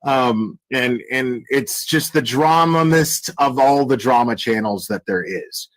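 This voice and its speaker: A man's voice: medium pitch, takes it slowly, poor audio. Rambling man hosting a commentary stream. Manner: rambling, filler-heavy, blunt and crude. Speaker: commentary channel host. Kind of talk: casual livestream commentary.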